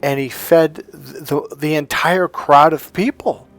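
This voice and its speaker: A man's voice: a little high, fairly even intonation, a little slow, a bit bright. A middle-aged man, a life coach, delivering an emphatic, preachy motivational monologue full of storytelling.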